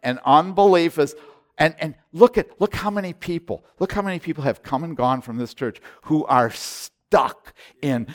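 A man in his sixties preaching a sermon as pastor, impassioned and swinging between loud exhortation and hushed intensity. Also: a little high, very animated, measured pace.

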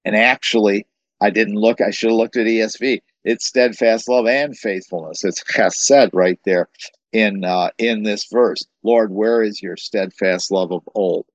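A man gives an informal Bible teaching in a fairly low voice. He often repeats and restarts words while working through his thoughts. The recording is dry and close. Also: unhurried, no room sound, lo-fi sound.

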